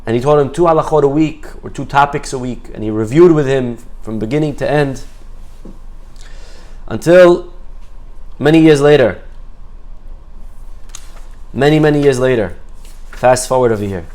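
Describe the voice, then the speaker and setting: Man, Torah teacher, lively storytelling, Hebrew phrases mixed in, mid pitch. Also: moderate pace, pauses often. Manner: lively storyteller, acts out quoted voices.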